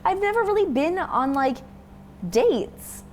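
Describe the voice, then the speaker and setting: A woman's voice: extremely high pitch, big pitch swings, takes it slowly, darkish tone. A young woman from Toronto talks through an interview in a loose, rambling way, full of "like" and half-finished thoughts. Her voice rises and falls a lot as she goes. A faint background hum sits under the recording. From Toronto, Canada. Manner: chatty, rambling with many fillers and likes. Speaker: interview guest. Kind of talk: casual interview chat.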